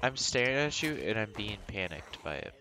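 Excitable young man gaming with friends. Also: on the low side, moderate pace, noisy background. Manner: jokey, excitable, reacting loudly to the game. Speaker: gamer. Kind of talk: casual gaming chat. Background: game music.

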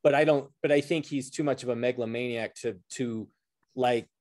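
A man co-hosting a podcast in casual political chat, halting and repeating words as he thinks aloud. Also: mid-range voice, steady tone, a little mellow. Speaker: podcast co-host.

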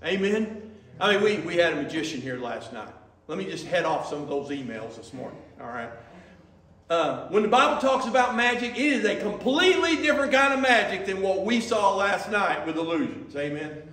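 High-voiced preacher in an echoey church. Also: male voice, normal speed, distant mic. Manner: lively, conversational, acts out quotes. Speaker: pastor. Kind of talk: sermon with storytelling. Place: church sanctuary.

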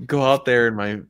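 A man's voice: mid-range voice, fairly bright tone. Casual male streamer, middle voice, rambles and chuckles. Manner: laid-back, rambling, laughs often. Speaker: podcast host. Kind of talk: casual livestream chat.

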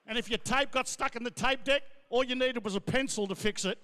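This is a middle-aged Australian comedian and MC doing stand-up, loud and brash, riffing at speed. His male voice is high, bright, clear and resonant. It was captured in a big gala ballroom, so a long reverb echoes through the sound.

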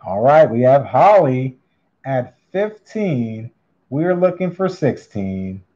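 A man hosts a live coin auction, stretching out his bid calls with an upbeat patter. His delivery is unhurried and his tone is soft and mellow, sitting a touch higher than usual. The recording sounds dull and lo-fi. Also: big pitch swings. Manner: drawn-out bid calling, upbeat hype. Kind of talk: live online auction calling.

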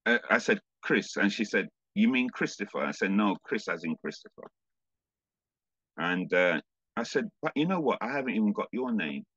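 Male pastor, low voice, relaxed storytelling testimony, dry lo-fi recording. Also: slightly rough, dry recording. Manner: storytelling, laughs often, halting with fillers. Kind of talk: sermon testimony.

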